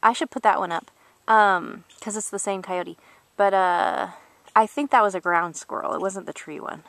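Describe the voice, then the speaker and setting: A woman's voice: medium pitch, normal speed, a bit bright, dry recording. A woman casually rambling while filming wildlife, chatting on the phone at the same time, recorded on a handheld camcorder's built-in mic.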